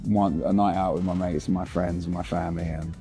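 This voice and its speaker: A man, an actor, chatting casually as a guest, relaxed and halting with repeated starts. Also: deep voice, soft background music. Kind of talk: casual chat. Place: bar set.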